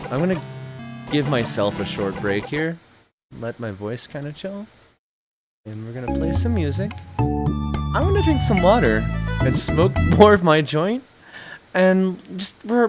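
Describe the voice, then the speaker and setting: A man streaming a story game, chatting casually and laughing to his viewers during a break. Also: on the high side. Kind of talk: casual chat.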